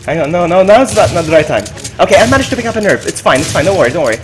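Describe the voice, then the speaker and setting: High, lively, excitable man streaming a game. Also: very fast. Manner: excitable, yelps and laughs often, repeats himself. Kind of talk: excited gaming commentary.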